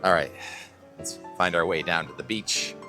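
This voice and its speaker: A man's voice: deep voice, normal speed, over music. A middle-aged man hosting a weather vlog outdoors on a beach, talking casually and thinking aloud about the forecast into a clip-on mic. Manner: chatty, rambling, thinking aloud.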